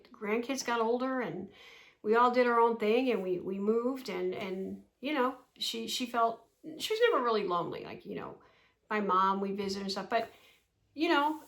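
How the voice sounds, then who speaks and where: A woman in her sixties chats to camera in a small room at home, her voice sitting a little high. She rambles from thought to thought and laughs often as she talks. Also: normal speed, a bit bright. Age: 60s. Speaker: vlogger. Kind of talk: casual chat to camera.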